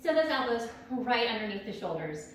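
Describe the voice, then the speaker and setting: A woman's voice: fairly high pitch, big pitch swings, a little fast, a little hiss or hum. A woman fitness instructor leading a workout, upbeat and out of breath as she counts reps and coaches. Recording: echoey room, distant mic.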